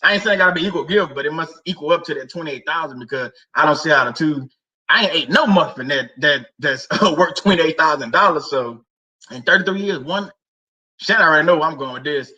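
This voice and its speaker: A man with a high, very bright voice talks casually to his livestream audience. He jokes, laughs often and repeats himself in loose slang. The mic sits at some distance from him. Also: fast, muffled recording. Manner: laughing, joking, slangy and repetitive. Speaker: host of a faith livestream. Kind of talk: casual livestream chat to viewers.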